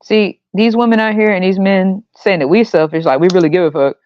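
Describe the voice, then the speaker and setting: A woman's voice: medium pitch, a little fast, dry recording, highs cut off. Profane, exasperated woman podcast host. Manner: profane, exasperated, laughs often. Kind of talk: blunt ranting commentary.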